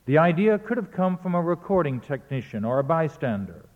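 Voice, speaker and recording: A man's voice: on the high side, big pitch swings, a little fast, big-room sound, phone-quality sound. A man giving a spoken lecture in a precise, pedantic manner, often correcting himself mid-sentence. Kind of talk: spoken lecture on recordings and verse.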